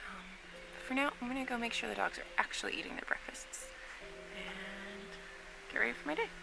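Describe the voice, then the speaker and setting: A woman's voice: medium pitch, brisk, gravelly, over music, poor audio. A woman, a nurse, talking in a rambling, chatty vlog at home, full of fillers. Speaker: nurse and book vlogger. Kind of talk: casual vlog chat.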